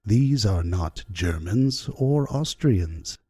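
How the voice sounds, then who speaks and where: A gentle, mysterious spirit guide speaking low and calm, slow and husky, as a male audiobook reader voices him. Dry, close sound. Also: no echo, full character voice. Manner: soft, calm, gently reproving.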